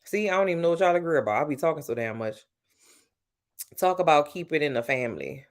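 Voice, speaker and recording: A woman's voice: low voice, animated, quick pace. A woman with a New Orleans accent chatting casually with her livestream viewers, talkative and blunt, calling people "child" and "baby". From New Orleans, USA. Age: adult with grown-up sons. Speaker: livestream host.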